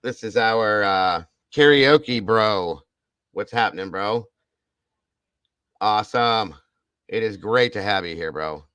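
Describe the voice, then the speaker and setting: A very deep-voiced man hosts a livestream and talks casually to his viewers, thanking them over and over with open emotion. The sound is dry and close, with no room around it. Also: slow pace, pauses often, fairly bright tone, smooth, no echo. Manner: emotional, effusive, repeats thanks and praise. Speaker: livestream host.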